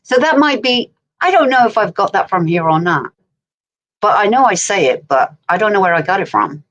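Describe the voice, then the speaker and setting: A woman's voice: mid-range voice, animated, moderate pace, fairly bright tone, lo-fi sound. A woman with an English accent, chatting casually and rambling on a livestream, laughing often. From England.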